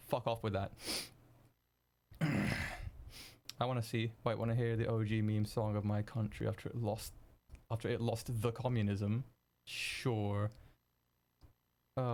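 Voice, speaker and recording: A young man streaming while he edits video, chatting casually with viewers, excitable and swearing freely. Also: lowish voice, a little slow, pauses often. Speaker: streamer editing video live. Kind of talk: casual live-stream chat.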